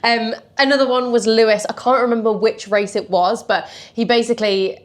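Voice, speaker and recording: A woman's voice: fairly high pitch, steady tone, brisk. Giggly woman hosting a podcast. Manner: giggly, laughs often between points. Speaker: podcast host. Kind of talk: casual chat.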